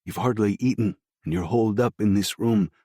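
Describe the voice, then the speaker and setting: Guy reading a gentle dad in a storybook, stern but kind, steady and calm, dry close sound. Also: fairly low pitch, fairly quick, slightly rough, no room sound. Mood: tender. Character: gentle, stern middle-aged father. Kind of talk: audiobook dialogue.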